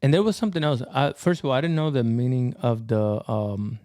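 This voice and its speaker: A man's voice: medium pitch, a little fast, darkish tone, no echo, studio quality. A young man co-hosting a podcast in casual, slangy chat, laughing often. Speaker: podcast co-host.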